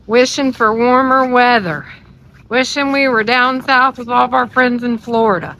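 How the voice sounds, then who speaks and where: A woman's voice: fairly high pitch, fairly even intonation, normal speed, pushed and bright, low-quality recording. A woman in her forties from Ohio, chatting to viewers as she walks them around her home. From Ohio, USA. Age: 40s. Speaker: vlog co-host. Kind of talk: casual vlog narration.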